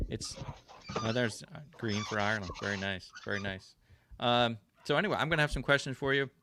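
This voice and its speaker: Bright-voiced, chatty American host. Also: male voice, mid-range voice, normal speed, long pauses, a little hiss or hum. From United States. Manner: upbeat, chatty, laughs easily. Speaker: podcast host. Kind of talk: casual livestream chat. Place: home garage studio.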